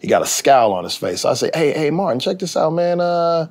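Speaking fairly quickly with hardly any pauses, a middle-aged man in a fairly high voice shares a story during a casual interview. He works in TV as a writer and actor and performs the voices of the people he quotes with animation.

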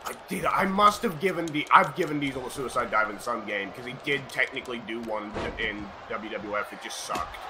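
A man's voice: medium pitch, a little fast, few pauses, noisy background. A man making wry, exasperated remarks in a casual gaming chat.

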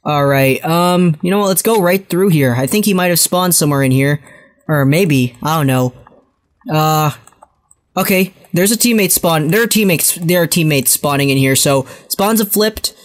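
A young man giving live commentary over a first-person shooter match, swinging between calm callouts and frustrated, excitable outbursts and self-mocking rants. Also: a little high, normal speed. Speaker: gaming commentator.

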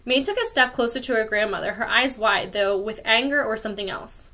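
A woman, a teacher, reading a chapter book aloud to children in a friendly, clear storytelling manner. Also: a little high, expressive, a little fast, pushed and bright.

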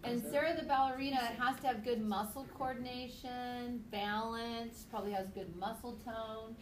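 A woman teaching a high school biology class, chatty and goofy, telling stories between points. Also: fairly even intonation, moderate pace, reverberant, slight background noise, rough recording. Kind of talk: classroom lecture with anecdotes.

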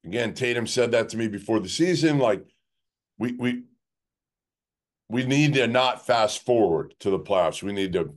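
Rambling low-voiced man on a sports podcast. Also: lively intonation, normal speed. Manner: rambling, peppered with "like" and restarts. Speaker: podcast co-host. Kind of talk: casual sports talk.

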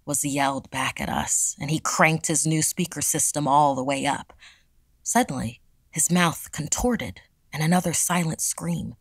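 Casting: woman storyteller for a horror podcast, gravelly low tone, dry close sound. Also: measured pace, no echo. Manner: hushed, dramatic reading. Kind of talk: scripted horror narration.

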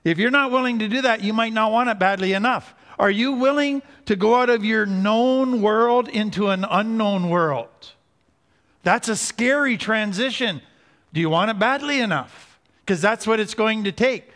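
A man giving an earnest teaching talk on recovery, slowing down to stress key points. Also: high voice, fairly bright tone. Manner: earnest, slows down for emphasis. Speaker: recovery speaker. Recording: hall reverb.

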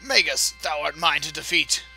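A grim, vengeful sorcerer , put on by a man narrating a game playthrough, speaks in a low, slow, solemn voice with a very bright, forceful edge. Faint game music sits behind him. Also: vocal fry, full character voice.

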